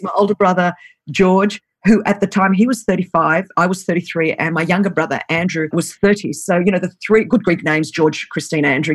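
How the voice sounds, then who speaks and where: A woman's voice: lowish voice, breathy edge. Laughing Australian woman telling a story. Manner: lively, laughing, acts out voices in her anecdotes. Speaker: guest. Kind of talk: storytelling in an interview.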